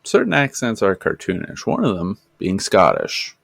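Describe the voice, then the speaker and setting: A man's voice: deep voice, huge pitch swings, normal speed, gravelly, a bit bright, husky. A man co-hosting a podcast, chatting casually with short, dry wisecracks. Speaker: podcast co-host. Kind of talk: casual chat.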